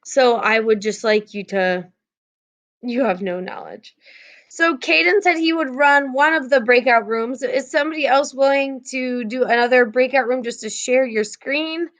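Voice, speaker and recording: Woman, young adult, teacher, video call class, slightly high voice, chatty, filler words. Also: normal speed, a bit bright. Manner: chatty, filler-heavy, many restarts.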